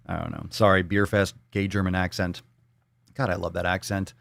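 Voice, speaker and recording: A man's voice: sits low, fairly even intonation, moderate pace, gravelly, no room sound. A man hosting a live fitness show, reading viewer comments and ranting with heavy profanity and sarcasm.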